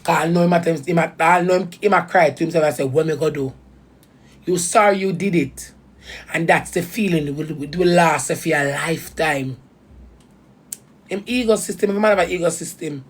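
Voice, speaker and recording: In a husky, fairly low voice, a woman with a Jamaican accent speaks fairly quickly, ranting to her viewers about a betrayal. The vlogger is heated and emotional, swearing in patois.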